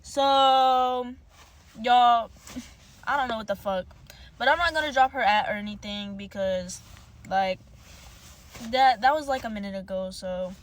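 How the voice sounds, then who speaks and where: A woman's voice: medium pitch, moderate pace. A young woman telling a storytime monologue, heated, profane and rambling.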